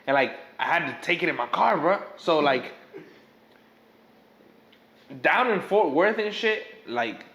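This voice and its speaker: A man's voice: fairly high pitch, expressive, normal speed, a bit bright. Young man telling a rambling, cussing story. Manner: profane, rambling storytelling full of fillers. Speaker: podcast guest or host. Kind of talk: casual chat. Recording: echoey room.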